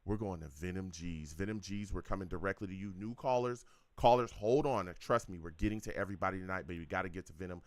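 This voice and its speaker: Low-pitched call-in host, heated and exasperated, dry mic. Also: male voice, quick pace, few pauses, no echo. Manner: heated, exasperated, repetitive ranting. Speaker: sports call-in show host. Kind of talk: live sports call-in radio rant.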